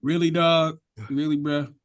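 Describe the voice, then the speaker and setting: A man in his thirties, a podcast co-host, telling animated stories in casual chat and acting out the voices of people he quotes. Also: a little high, measured pace, clean tone, dry recording. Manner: animated storyteller who acts out quoted voices.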